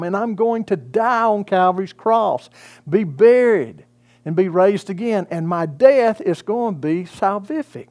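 A man's voice: high-pitched, darkish tone. A man preaching a sermon as pastor, in a conversational way with many fillers and restarts.

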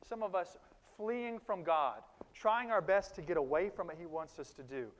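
A man preaching a sermon in a conversational, animated way, with sudden loud emphases and quiet asides to the congregation. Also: sits high, normal speed. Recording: long reverb of a large hall.

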